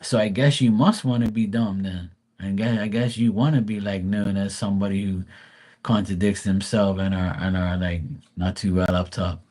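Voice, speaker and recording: A man in his forties with a lowish voice, talking loosely and profanely as he reads tarot live. He rambles from story to story, relaxed and unpolished. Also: normal speed. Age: 40s. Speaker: live stream tarot reader. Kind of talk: casual live-stream chat.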